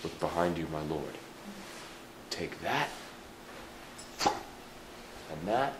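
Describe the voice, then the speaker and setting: A man's voice: sits low, animated, very slow, heavy background noise, exaggerated voice. A man doing a sneering hired killer. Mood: mocking. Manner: curt, sardonic, mocking laughs. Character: blunt hired male assassin, cold and mocking. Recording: roomy church echo, faint ambience.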